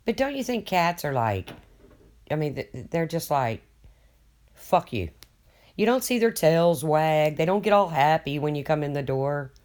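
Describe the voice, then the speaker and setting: A man's voice: on the high side, lively intonation, moderate pace, a little mellow. An older man rambling casually to viewers on his livestream, folksy and swearing freely as he reads their comments. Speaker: livestream host.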